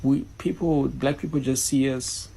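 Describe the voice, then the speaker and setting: A man giving a casual, rambling explanation in a flat tone. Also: medium pitch, normal speed, gravelly, slightly rough, low-quality recording.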